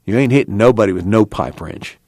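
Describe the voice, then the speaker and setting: A man's voice: on the low side, a little fast, a little mellow, no room sound. A man voicing a blunt, impatient tough man who scolds crudely and gives orders.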